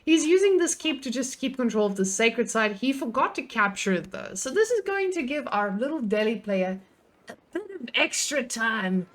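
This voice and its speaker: A young woman giving casual live-stream commentary on a strategy game, excitable and chatty, swearing, laughing and talking to her chat. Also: on the high side, moderate pace.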